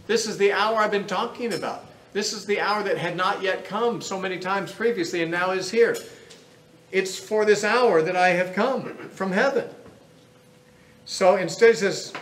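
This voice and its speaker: A man's voice: sits high, normal speed, fairly bright tone. A man teaching a Bible class, explaining scripture in an earnest lecture that reasons aloud. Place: lecture room. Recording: roomy echo with faint background noise.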